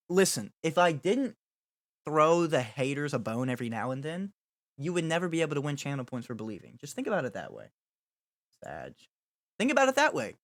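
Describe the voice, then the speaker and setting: A man's voice: mid-range voice, fairly bright tone, dry recording, clean studio sound. A young man chatting casually with his livestream chat while gaming, joking and making dramatic mock apologies. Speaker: streamer.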